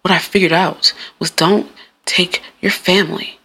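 Blunt, profane woman with a gravelly, bright voice. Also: lowish voice, unhurried. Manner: blunt, profane and animated, with frequent cursing and laughing asides. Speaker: podcast host. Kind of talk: casual solo podcast monologue.

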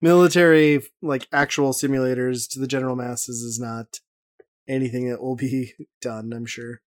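A man's voice: medium pitch, fairly even intonation, moderate pace, dry recording, studio quality. A man co-hosting a casual chat, making wry, sarcastic jokes. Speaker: podcast co-host.

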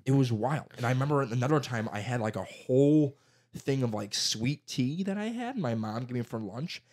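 A young man with a mid-range voice talks at a normal speed in a casual chat. He tells childhood stories in an animated way, swearing a lot and putting on voices.

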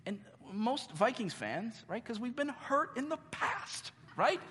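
A man preaching a sermon as pastor, earnest, with dramatic pauses and repeated questions. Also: very high voice, sing-song, sharp tone, slight background noise. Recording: long reverb of a large hall.

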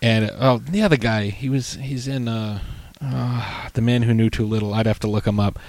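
A man in casual conversation, retelling film scenes in a loose, rambling way full of "like" and restarts. His voice is mid-pitched and sits close to the mic in a dry, dead room. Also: fairly even intonation, moderate pace, vocal fry, a little mellow, no room sound. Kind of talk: casual chat reviewing a film.

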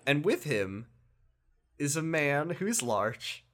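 He takes things slowly, his voice fairly high in pitch. As a podcast co-host chatting casually about a video game, he stays animated, laughs a lot, and performs the characters' lines.

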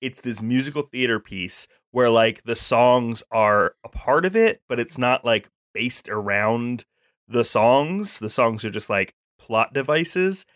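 A man's voice: medium pitch, animated, a little slow, fairly bright tone, no room sound, clean studio sound. A man co-hosting a casual podcast chat, talking with enthusiasm, rambling through fillers and restarts as he reviews a show. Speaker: podcast co-host.

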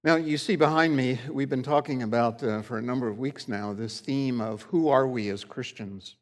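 A man's voice: medium pitch, normal speed. A middle-aged man preaching a sermon in a church, in a conversational, folksy storytelling way. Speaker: pastor. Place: church sanctuary.

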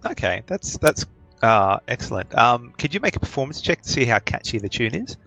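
A man's voice: medium pitch, sing-song, brisk, pushed and bright, highs cut off, faint music behind. A man narrating as game master of a tabletop game, hesitant, with many ums and uhs.

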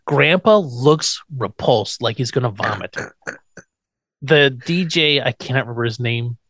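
A man's voice: medium pitch, lively intonation, measured pace, a bit bright, no room sound. A man co-hosting a podcast, casually retelling a TV episode and acting out the characters' lines with laughs. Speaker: podcast co-host. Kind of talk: casual chat recapping a TV episode.

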